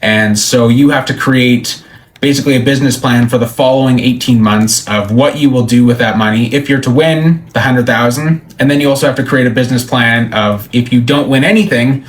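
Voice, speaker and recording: Animated male storyteller. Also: medium pitch, fast talker. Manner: animated storyteller, acts out quoted lines. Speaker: country musician guest. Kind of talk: casual storytelling interview.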